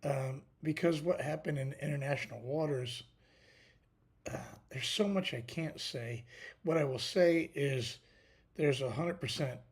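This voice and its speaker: A tired man hosting a casual livestream, talking haltingly with many fillers and restarts. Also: medium pitch. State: tired, yawning. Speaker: podcast host.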